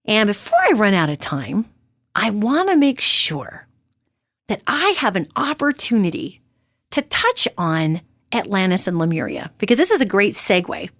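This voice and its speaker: A woman hosting a radio show, giving an emphatic, animated monologue into a close studio mic. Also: mid-range voice, moderate pace, no room sound. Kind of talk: monologue on metaphysics.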